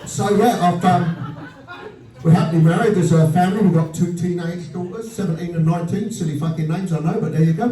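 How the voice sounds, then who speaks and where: A man in his fifties doing a stand-up comedy set, with blunt, deadpan storytelling and crude punchlines, recorded at a live venue with audience laughter behind him. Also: sits high, brisk, crowd noise. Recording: roomy live venue sound from a distance.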